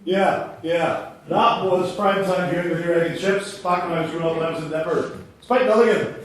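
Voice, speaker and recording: A man's voice: a little high, steady tone, brisk. Sardonic Belfast man telling stories on stage. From Northern Ireland. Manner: dry, sardonic, self-mocking. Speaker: writer performing a solo show. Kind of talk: stand-up storytelling. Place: large theatre hall. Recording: echoey hall, from far off.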